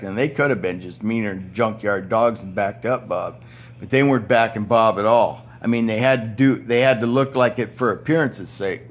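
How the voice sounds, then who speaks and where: Profane, ranting older man in his seventies. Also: fairly low pitch. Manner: blunt, profane, ranting, with heavy swearing. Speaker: retired power plant worker and former union steward. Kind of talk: angry monologue vlog. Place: indoor room at home with TV and fan.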